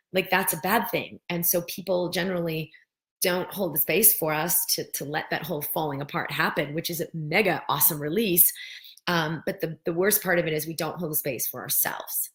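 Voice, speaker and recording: A middle-aged woman with a low voice hosts a live wellness stream. She talks gently and guides viewers through slow breathing as she answers their comments. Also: steady tone.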